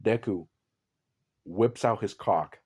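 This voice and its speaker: A man's voice: fairly low pitch, slow pace, a little mellow, slightly rough. A man telling an improvised fan-fiction story in a rambling, profane, offhand way.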